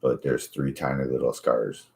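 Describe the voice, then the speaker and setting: A man's voice: a bass voice, little pitch movement, normal speed, gravelly, a little mellow. A man in his forties, a podcast host, telling stories in casual, profane chat. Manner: profane, easygoing storytelling.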